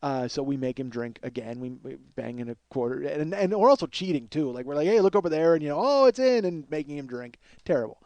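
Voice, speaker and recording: A man telling a comic story from his youth in a rambling, animated way, full of fillers and acted-out quotes. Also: medium pitch, quick pace, hardly any pauses, no echo. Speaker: comedian host.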